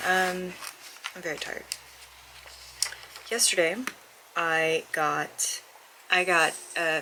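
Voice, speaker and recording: A woman's voice: sits low, flat delivery, takes it slowly, long pauses, background noise. A woman book vlogger chatting candidly and rambling about her reading, recorded on a camera mic at home. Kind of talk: casual vlog chat.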